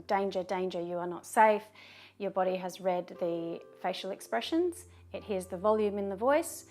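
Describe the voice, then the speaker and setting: A woman talking to camera in a video, giving calm, measured advice and turning firm when she gives short commands. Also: medium pitch. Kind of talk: direct-to-camera advice talk.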